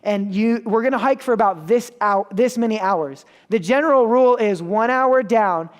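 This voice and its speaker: A man's voice: sits high, moderate pace, natural voice. A man voicing a cautious school dean who sets firm rules for a student hike. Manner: firm and patient, laying down rules.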